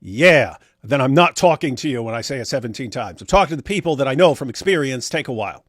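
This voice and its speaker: A man's voice: mid-range voice, lively intonation, fast talker, a bit bright, no echo, studio quality. A middle-aged man hosting a casual live stream, blunt and sarcastic as he reads viewer comments. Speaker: livestream host.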